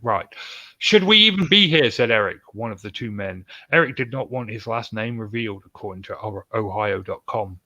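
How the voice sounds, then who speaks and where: A man's voice: on the low side, steady tone, moderate pace, few pauses, fairly bright tone, no room sound, lo-fi sound. Joking man hosting a podcast. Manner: joking, sarcastic asides. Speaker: podcast host. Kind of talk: casual podcast chat and news reading.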